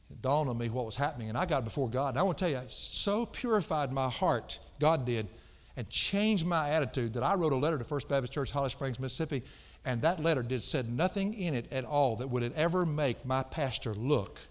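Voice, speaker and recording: A middle-aged man delivers a homespun sermon in an ordinary mid-pitched voice. He swings from loud, emphatic bursts to quiet, confiding asides. His words ring out with a long echo, as if in a large church hall. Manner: folksy, emphatic preaching that swings between loud outbursts and hushed asides. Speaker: pastor.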